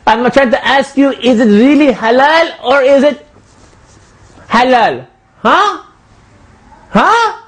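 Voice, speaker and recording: A man doing a demanding, suspicious customer in a comedy sketch, who barks questions and keeps saying brother. The voice sits very high and comes out husky. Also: expressive, slow, long pauses, fairly bright tone, heavily acted. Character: pushy male customer grilling a butcher.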